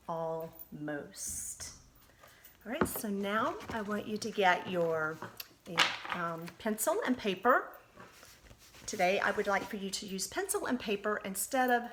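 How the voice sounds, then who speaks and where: A woman's voice: medium pitch, fairly bright tone. A woman teacher giving a spelling lesson to young pupils, spelling out letters one by one with patient encouragement. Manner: slow, deliberate dictation, spelling out letters one at a time.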